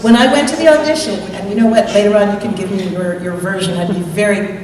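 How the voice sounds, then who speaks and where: A woman voice actor telling a lively, chatty story on a convention panel, laughing often. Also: mid-range voice, quick pace, slight background noise. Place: large convention hall with audience. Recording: echoey hall from far off with crowd.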